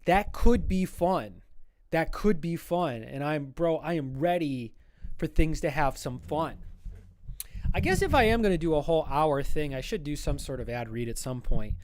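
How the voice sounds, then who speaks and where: A man's voice: on the high side, lively intonation, normal speed, slight background noise. A man chatting casually while drawing on a livestream, rambling and joking at himself. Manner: rambling, self-mocking, chatty. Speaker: streamer and artist.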